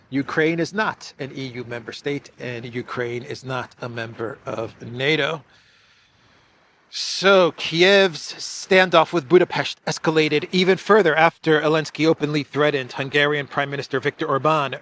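A man's voice: mid-range voice, fairly bright tone. A man giving political news commentary in a mocking tone, laughing at the people he covers.

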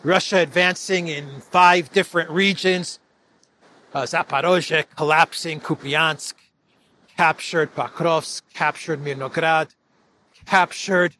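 A man with a fairly high voice delivers solo political commentary. He sounds sarcastic and mocking and laughs often between points. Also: fairly even intonation, takes it slowly, sharp tone, slight background noise.

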